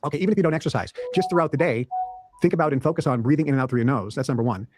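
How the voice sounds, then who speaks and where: A man giving emphatic, repetitive instructions in a brisk way, recorded on a video call mic. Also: medium pitch, a little mellow, slight background noise. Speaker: guest teacher. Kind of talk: instructional talk on health and mind.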